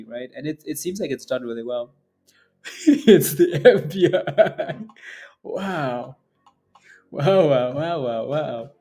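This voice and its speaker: A man hosts a day-trading livestream, chatting casually, joking, laughing often and bantering with both viewers and his phone assistant. His voice is fairly high-pitched with a darkish tone.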